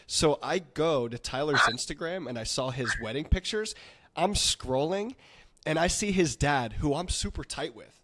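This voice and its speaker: Excitable rambling podcast host, a man. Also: fairly high pitch, moderate pace, slight background noise. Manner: excitable, rambling, lots of "like" and swearing. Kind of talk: casual podcast interview.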